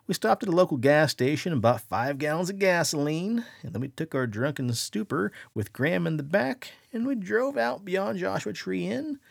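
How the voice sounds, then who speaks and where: Animated gravelly male podcast host. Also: high-pitched, normal speed, few pauses, dry recording, clean studio sound. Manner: animated, acts out quoted voices. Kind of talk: dramatic first-person story retelling.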